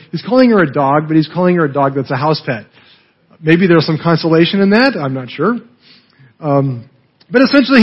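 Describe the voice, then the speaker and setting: A man's voice: on the high side, slightly rough. A man preaching a conversational sermon, often checking in with "right?" and acting out the quoted dialogue. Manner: conversational, keeps asking "right?"; lively, acts out quoted dialogue. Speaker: pastor. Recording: dull lo-fi audio.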